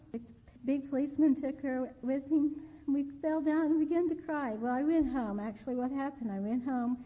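An older woman with a high voice preaches in an earnest testimony, dwelling on phrases by repeating them. The sound is thin and phone-like, with a long reverb trailing behind it. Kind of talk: sermon testimony.

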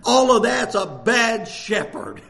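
High-voiced older male preacher, impassioned. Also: big pitch swings, slow pace, creaky. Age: 60s. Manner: impassioned, repetitive preaching with frequent shouted emphasis. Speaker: pastor. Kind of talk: sermon.

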